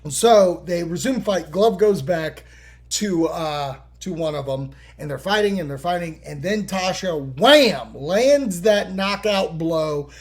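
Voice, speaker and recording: This man hosts a podcast and recaps a TV episode slowly in a high voice. He keeps it casual and profane, animatedly performing the scenes.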